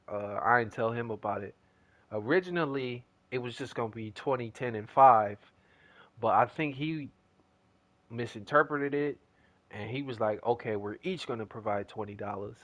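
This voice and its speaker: A man's voice: mid-range voice, normal speed, fairly bright tone, no room sound, muffled recording. A young man chatting casually as a gaming streamer, telling a rambling story in slangy talk.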